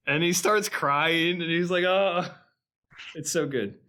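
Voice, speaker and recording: Higher-pitched man retelling a film scene. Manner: animated storytelling, laughing often, acting out quotes. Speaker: podcast co-host. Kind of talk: casual film discussion.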